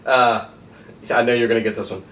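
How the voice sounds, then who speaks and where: Man co-hosting a movie podcast, middle pitch, roomy echo, mic set off at a distance. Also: fairly even intonation, a bit bright, slight background noise. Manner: reads movie quotes slowly, laughs often. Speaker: podcast co-host. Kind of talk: casual chat.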